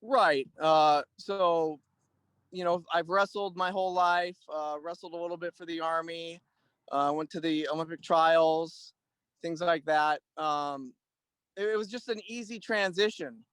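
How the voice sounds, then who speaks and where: A man's voice: fairly high pitch, measured pace, clear, resonant tone, dry recording. A man in his thirties, a guest and Army veteran, talking casually in an interview with frequent fillers and restarts. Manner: relaxed, rambling, many "um"s and restarts. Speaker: guest, Army veteran and clothing-line owner.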